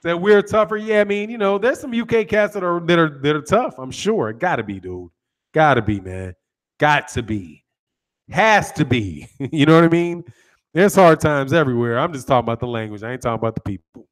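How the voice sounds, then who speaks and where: Man, laid-back joking live-stream host, high voice. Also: expressive, a little fast. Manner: laid-back, joking, reads out chat comments. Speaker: boxing channel host. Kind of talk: casual live stream chat with viewers.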